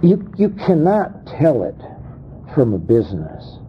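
A man preaching a sermon, dramatic, acting out quoted voices with sharp swings in pitch and pace. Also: huge pitch swings, slow pace, a little hiss or hum. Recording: dull lo-fi sound.

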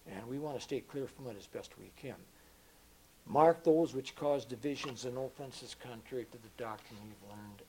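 An older man delivers a sermon in an earnest, emphatic way. His fairly high voice rises and falls widely, and he often repeats words and drops to a hush for weight. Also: poor audio. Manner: earnest, emphatic, repeats words, swings between loud and hushed. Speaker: preacher.

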